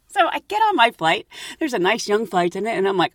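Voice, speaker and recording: A woman's voice: medium pitch, very animated, fast talker, dry recording, studio quality. A woman who hosts a podcast and works as a flight attendant, telling casual stories in a chatty way and laughing between story beats.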